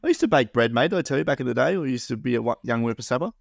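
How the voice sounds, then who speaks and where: A man's voice: medium pitch, expressive, very fast, gravelly, no echo, studio quality. A man co-hosting a podcast, chatting in an easygoing way. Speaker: podcast co-host. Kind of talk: casual chat.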